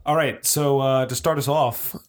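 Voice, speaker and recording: A man co-hosting a casual podcast, nasal and congested with a cold, steering the chat in a relaxed way. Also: medium pitch, normal speed. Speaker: podcast co-host.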